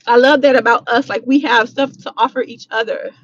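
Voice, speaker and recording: Blunt high-voiced woman on a livestream. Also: brisk, muffled recording. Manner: blunt, animated, slangy, swears freely. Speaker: livestream host answering chat. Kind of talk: casual live chat. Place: in a vehicle, driving.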